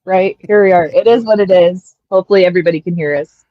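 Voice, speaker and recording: A woman's voice: on the low side, fast talker, dull audio. A woman guest on a casual live-stream podcast, friendly and laughing easily, giving short replies.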